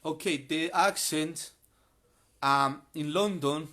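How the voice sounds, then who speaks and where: A man who is a guest in a live online English class, chatting in a friendly, relaxed way and explaining things plainly. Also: on the high side, slow. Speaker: guest sharing travel tips.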